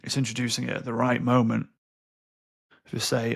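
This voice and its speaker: A man's voice: medium pitch, flat delivery, normal speed, vocal fry. A man in his thirties, a podcast guest speaking candidly and bluntly with frequent swearing. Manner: blunt and sweary, acts out quoted dialogue. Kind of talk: candid interview conversation.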